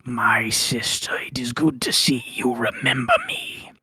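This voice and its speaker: A man voicing an ancient, bitter male spirit of death and rot, speaking slowly in a hushed half-whisper. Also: mid-range voice, breathy edge, no room sound, full character voice. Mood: menacing.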